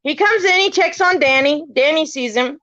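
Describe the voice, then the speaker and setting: A middle-aged woman with a drawl tells stories in a relaxed, chatty way and acts out what other people said. Her voice sits a little high for a woman. The live stream audio is muffled and lo-fi. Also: normal speed. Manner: animated, tells stories acting out quotes. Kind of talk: casual storytelling chat.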